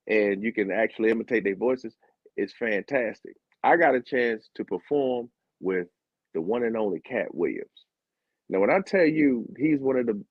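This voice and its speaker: A man's voice: lowish voice, slightly rough, no echo. A man from the United States, an Olympic sprinter turned comedian, telling comic stories, laughing and acting out dialogue. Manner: animated, laughing, acts out dialogue. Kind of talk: comic storytelling. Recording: dull, dry audio.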